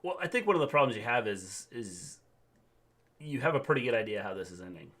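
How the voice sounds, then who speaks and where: A man's voice: medium pitch, big pitch swings, fairly quick, fairly bright tone. An older man co-hosting a live wrestling watchalong. He chats casually, muses aloud and chuckles to himself. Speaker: co-host, veteran teacher.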